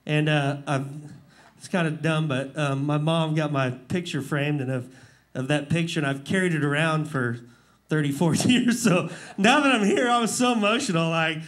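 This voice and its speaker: Rodeo clown in his forties, high voice, rambling and quick to laugh, live before an audience. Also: fairly bright tone. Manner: emotional, laughing, rambling storyteller. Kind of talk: casual talk-show storytelling.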